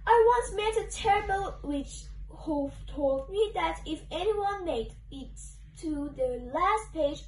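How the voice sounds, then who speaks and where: A woman's voice: extremely high pitch, darkish tone, distant mic, a little hiss or hum, exaggerated voice. A woman reading a picture book aloud, voicing a desperate, whiny storybook character who pleads and sobs dramatically. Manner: dramatic pleading, sobbing and bargaining. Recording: roomy echo, away from mic.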